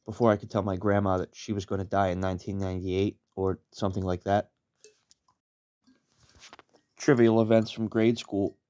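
Deadpan low-voiced male storyteller. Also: dry recording. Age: 30s. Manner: deadpan, wry, profane. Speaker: narrator. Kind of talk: storytelling narration.

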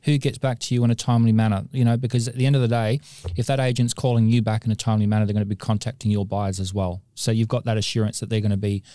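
A man's voice: lowish voice, little pitch movement, very fast, hardly any pauses, warm tone, clean tone, no room sound, clean studio sound. A man hosting a podcast interview in a chatty way, with lots of "you know". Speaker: podcast host.

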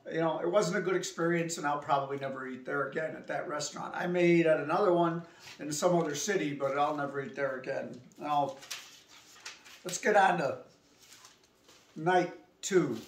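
A woman's voice: deep voice, a little hiss or hum. A woman telling a restaurant story in a casual vlog, acting out both sides of the conversation herself. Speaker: vlogger. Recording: echoey room, voice from a distance.

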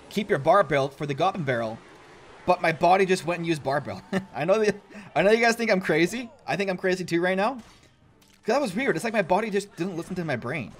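A young man giving casual, chatty gameplay commentary as a gaming YouTuber, self-mocking and laughing often. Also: high-pitched.

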